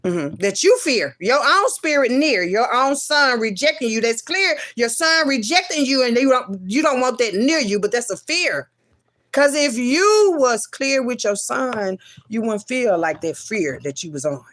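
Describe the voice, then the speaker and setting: Very animated yet keeping a measured pace, this mother tells a raw personal story laced with profanity. She alternates loud bursts with murmured lines and keeps repeating her refusals.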